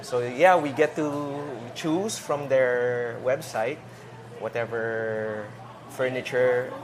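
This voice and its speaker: A man's voice: mid-range voice, steady tone, slow. A man, a diner owner chatting casually and agreeably. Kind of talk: casual chat. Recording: noisy diner background.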